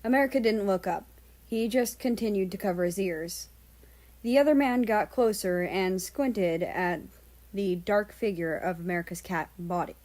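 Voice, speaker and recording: A woman reading a fan-fiction story aloud as narrator, in a steady storytelling delivery. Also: mid-range voice, normal speed. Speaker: fan-fiction audiobook reader. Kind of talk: scripted narration.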